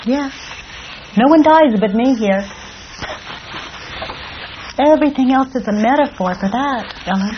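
A woman leading a guided self-inquiry dialogue, speaking calmly and deliberately, posing questions. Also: fairly high pitch. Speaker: workshop facilitator. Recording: dull lo-fi sound with faint noise.

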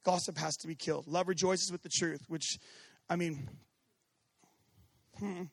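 Man, pastor, sermon, high-pitched, animated, shouts and hushes, dry sound. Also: measured pace, vocal fry, dry recording. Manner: acts out quoted voices.

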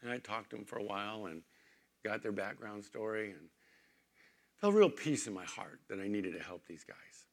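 A man preaching a sermon as pastor, conversational, moving between emphatic points and quiet storytelling in a church. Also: lowish voice, animated, moderate pace, gravelly.

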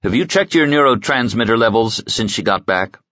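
A man voicing a steady, dutiful male bodyguard who speaks firmly and respectfully. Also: medium pitch, fairly quick, no echo, muffled recording, pitched above the performer's own voice, natural voice. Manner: firm, respectful.

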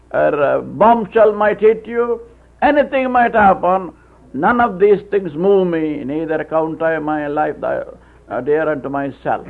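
A man preaching a sermon, with halting restarts, telling stories and acting out voices. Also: high-pitched, lively intonation. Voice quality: gravelly, husky. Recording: tinny phone-like old tape.

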